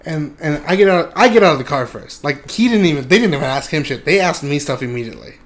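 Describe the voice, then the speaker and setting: Young adult man, slightly high-voiced, casual storyteller, laughs and swears a lot. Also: animated, fast. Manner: laughs often, loose and swearing. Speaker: podcast host.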